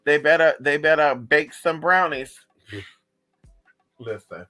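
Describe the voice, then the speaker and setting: A man spins a story for his viewers in a loose, casual vlog. He talks with animated, profane flair and a bright, forceful voice. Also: fairly high pitch, takes it slowly, soft background music, poor audio.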